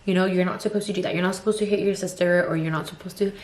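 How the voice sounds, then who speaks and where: A woman in her twenties, a vlogger with two toddlers, vents frankly in a rambling get-ready-with-me chat full of "like" and "you know." Her voice is on the low side, steady and a little mellow, and she talks rapid-fire. The room is echoey with faint ambience and slight background noise.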